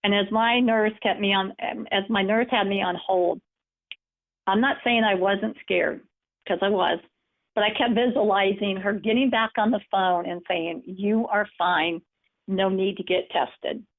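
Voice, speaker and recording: A woman coaching through a live webinar, sharing personal stories in an encouraging, storytelling way. Her voice sits at an ordinary middle pitch. The sound is narrow and phone-like, as if it came down a call line. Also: steady tone, normal speed. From United States. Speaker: empowerment coach and speaker. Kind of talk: webinar presentation. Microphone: webinar call audio.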